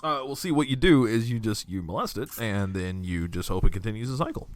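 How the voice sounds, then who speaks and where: A man co-hosting a casual comedy podcast, quick-witted and playful. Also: fairly low pitch, animated, dry recording. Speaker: podcast co-host.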